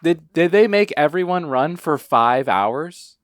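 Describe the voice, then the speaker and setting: A man's voice: a little high, expressive, measured pace, no echo. A man co-hosting a podcast, chatting casually about a movie and adding sarcastic remarks. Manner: wry, sarcastic asides. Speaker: podcast co-host.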